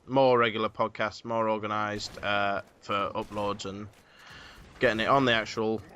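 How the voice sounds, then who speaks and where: A man's voice: lowish voice, fairly even intonation, moderate pace, pushed and bright, a little hiss or hum. A man hosting a casual podcast, rambling with many fillers. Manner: rambling, filler-heavy planning talk. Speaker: podcast host.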